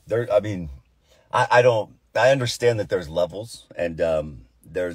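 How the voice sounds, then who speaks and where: Husky-voiced man teaching scripture earnestly. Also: deep voice, fairly even intonation, unhurried, no echo. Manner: earnest, repeats phrases for emphasis. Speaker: devotional Bible teacher. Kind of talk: informal devotional teaching.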